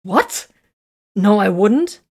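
A woman's voice: medium pitch, very animated, very slow, darkish tone, pitched above the performer's own voice, full character voice. A woman reading a storybook, voicing a blunt young woman psyker who speaks sharply and demands answers. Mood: demanding.

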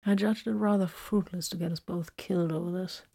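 A spent female warrior, wounded and barely upright, murmuring with a faint teasing edge, as a woman reads her in whispered role-play. The voice sits a little low and hushed. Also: steady tone, fairly quick, vocal fry. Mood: weary. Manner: soft, weary, quietly teasing.

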